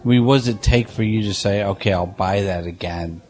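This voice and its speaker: A man's voice: fairly low pitch, a little fast, a little mellow. A man co-hosting a casual music chat, laid-back and blunt as he shares band history.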